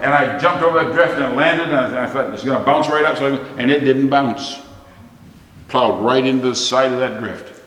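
A man's voice: mid-range voice, a bit bright, a little hiss or hum. A middle-aged man preaching a sermon, telling a plain-spoken, folksy story. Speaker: pastor. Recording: echoey hall, long reverb.

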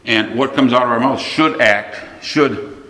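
A man's voice: mid-range voice, a little slow, bright, forceful tone. A man from the United States with an American accent, preaching a sermon conversationally and asking the congregation questions. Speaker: pastor. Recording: echoey long reverb of a church hall.

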